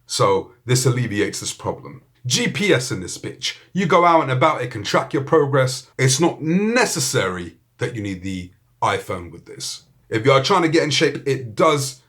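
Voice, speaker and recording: A man's voice: mid-range voice, big pitch swings, normal speed, a bit bright. A man with a British accent giving a casual, joking gadget review, full of swearing and banter. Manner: profane, joking, laid-back. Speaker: tech reviewer.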